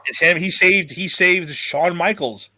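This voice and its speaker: A man's voice: sits high, unhurried, over a noisy crowd. A man hosting a casual podcast chat, telling a long rambling story with restarts and swearing. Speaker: podcast host.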